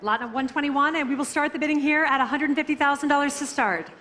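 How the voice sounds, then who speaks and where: A woman working as an auctioneer, calling bids briskly and teasing the bidders in a live auction room. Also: high-pitched, sharp tone, slight background noise.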